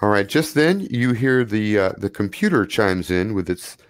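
A man narrating a tabletop role-playing game as game master, in a relaxed, loose way with plenty of fillers. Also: lowish voice, moderate pace.

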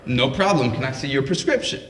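A man's voice: medium pitch, lively intonation, a little fast, recorded from a distance, lightly acted. A man playing a friendly, laid-back young male clerk who slips into easygoing sales patter. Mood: salesy. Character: laid-back tall hipster dispensary clerk. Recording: echoey live room.

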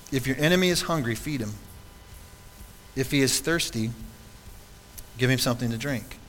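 In a church sanctuary with a big-room sound, a pastor with a mid-range, fairly bright voice preaches to his congregation at a moderate pace with long pauses. He's earnest and conversational and often asks rhetorical questions.

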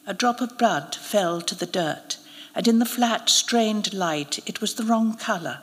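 A woman, an actress, reading a short story aloud at a live event in a measured, expressive way. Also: mid-range voice. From United Kingdom. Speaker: narrator, actress. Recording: reverberant hall at a live event.

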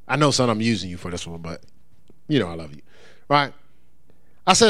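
Lively, animated preacher man. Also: lowish voice, a little fast, long pauses. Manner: conversational preaching, acts out voices of others. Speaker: pastor. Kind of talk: sermon. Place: church.

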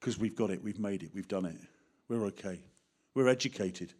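A middle-aged man with an English accent, preaching a sermon in a lively way, speaking straight to the congregation and acting out little voices. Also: fairly low pitch, fairly quick, husky. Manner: animated, acts out voices, talks directly to the congregation.

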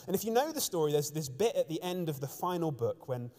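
A man preaching in a large church, heard with a long, ringing reverb around him. His voice sits fairly high for a man, and he talks earnestly, often restarting his phrases as he tells stories. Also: sing-song, quick pace, mellow. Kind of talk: sermon.

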